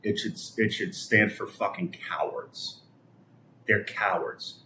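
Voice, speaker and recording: A man's voice: on the low side, sharp tone, echoey room, a little hiss or hum. A middle-aged man from Brooklyn, ranting with scorn and heavy swearing on a live stream, stumbling and restarting often. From Brooklyn, New York. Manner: foul-mouthed, scornful, halting with restarts. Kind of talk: profane political rant on a live stream.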